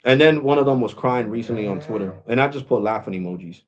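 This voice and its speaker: A man's voice: medium pitch, fast talker. Blunt ranting man, dull lo-fi audio. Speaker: vlogger. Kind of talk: opinion rant to camera.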